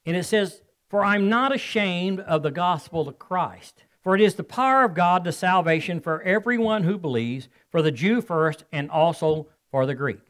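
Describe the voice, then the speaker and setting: A man's voice: high-pitched, normal speed, few pauses, fairly bright tone. A man preaching a sermon as pastor, telling stories and calling on the congregation for amens.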